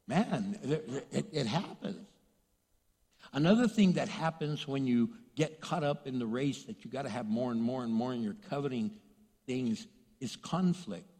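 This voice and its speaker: Animated preacher man in a reverberant hall. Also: medium pitch, slightly rough. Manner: animated, acts out voices, asks rhetorical questions. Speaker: pastor. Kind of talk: sermon.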